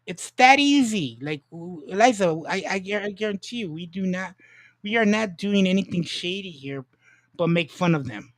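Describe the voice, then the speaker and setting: A man with a high voice hosts a livestream, talking in an emphatic, repetitive way and swearing now and then. The sound is dry and close, with no room echo. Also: expressive, moderate pace. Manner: emphatic, repeats himself, swears. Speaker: livestream host. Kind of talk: casual livestream chat.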